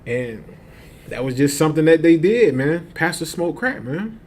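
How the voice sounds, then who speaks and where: A man's voice: fairly high pitch, sing-song, normal speed, a little mellow. A man telling a long street story in casual slang, laughing often and acting out the other voices.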